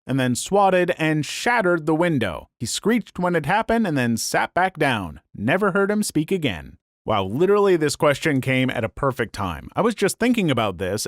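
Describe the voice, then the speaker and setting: A man narrating online stories in a scripted, lively and comic way. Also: fairly high pitch, dry recording, studio quality. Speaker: story narrator.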